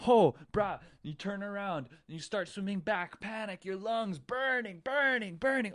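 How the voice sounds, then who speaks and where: A man hosting a spiritual podcast, telling a story in a slow, dramatic way, with repeated phrases and swings between whispers and panicked outbursts. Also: high-pitched, a bit bright, dry recording, studio quality. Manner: repetitive, hypnotic phrasing. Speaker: podcast host.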